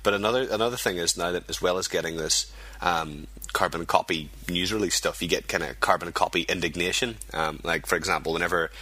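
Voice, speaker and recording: A man's voice: low voice, brisk, hardly any pauses, pushed and bright, no room sound. A man co-hosting a podcast, chatting casually in a rambling way. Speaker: podcast co-host. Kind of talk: casual chat.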